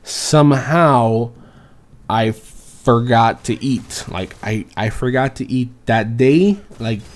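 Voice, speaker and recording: A man's voice: mid-range voice, takes it slowly. A young man vlogging a personal story time in a casual, profane, rambling and exasperated way.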